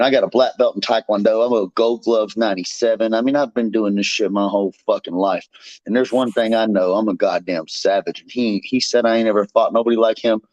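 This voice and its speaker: With a lowish voice, a man who fights bare knuckle trash-talks his rival while appearing as a show guest, swearing all the time in a cocky, amped-up, brash way. The audio is dry and slightly dull, with no room sound at all.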